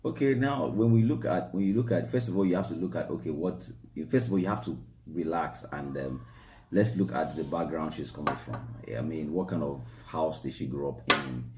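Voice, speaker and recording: A man co-hosting a marriage Q&A show, explaining in a relaxed, repetitive way that stresses key points. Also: extremely low pitch, normal speed, reverberant, a little hiss or hum. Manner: repetitive, emphatic, explaining step by step. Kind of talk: relaxed advice talk.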